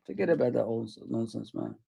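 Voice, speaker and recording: A man's voice: medium pitch, animated, fast, vocal fry, warm tone, breathy edge, dry recording. A middle-aged man hosting a casual live stream, reading the chat aloud and answering it, often repeating his phrases. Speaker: host.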